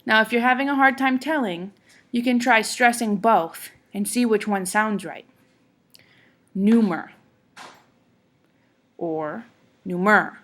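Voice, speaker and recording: A woman teacher giving a classroom lecture, explaining step by step in a patient way and often checking in with her students. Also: medium pitch.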